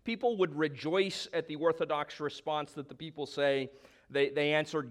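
A man's voice: a little high, normal speed. A man preaching a sermon, emphatic, stretching key words for stress and dropping in conversational asides. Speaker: pastor.

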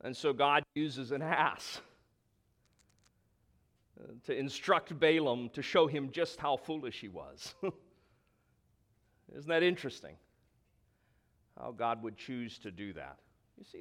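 A man's voice: mid-range voice, animated, a little slow, long pauses, fairly bright tone. A man preaching a sermon, emphatic, stretching key words for stress and dropping in conversational asides. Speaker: pastor.

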